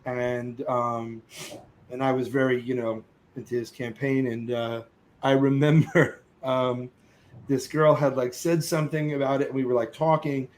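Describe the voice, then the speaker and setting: A middle-aged man, a podcast guest, telling a lively anecdote, acting out other voices and cursing casually. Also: mid-range voice, a little slow, slight background noise, rough recording. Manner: lively storyteller who acts out other voices and sings snatches; curses casually. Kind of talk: animated storytelling.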